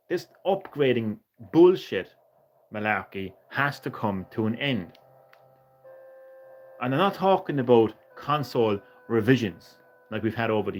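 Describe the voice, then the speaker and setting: A man's voice: mid-range voice, darkish tone. Man, gaming streamer, casual rant, swears a lot, faint music behind. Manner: ranting, sweary, chatty with viewers. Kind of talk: casual live-stream chat.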